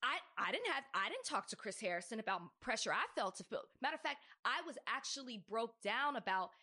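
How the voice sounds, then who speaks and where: A woman in her thirties talks on a podcast in an animated, emphatic way. Her voice is bright and clear at a middle pitch. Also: quick pace. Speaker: podcast co-host. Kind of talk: casual chat.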